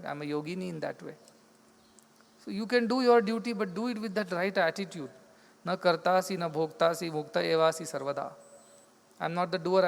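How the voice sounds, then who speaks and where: A man's voice: on the high side, creaky. A man giving a spiritual discourse, explaining in simple repeated phrases and acting out the dialogue of his stories. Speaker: spiritual teacher. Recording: long hall reverb.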